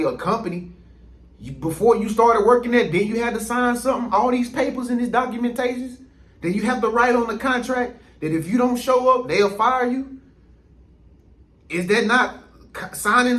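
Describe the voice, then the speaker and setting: Speaking directly to his viewers, a male vlogger rambles through a loose monologue full of restarts and quoted asides. His voice is high for a man and a bit bright, and the room rings with noticeable echo.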